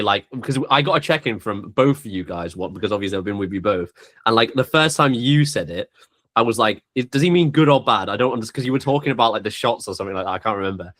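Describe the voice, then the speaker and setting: A young man hosting a casual podcast chat, animated and teasing, jumping his pitch for emphasis. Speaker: podcast host.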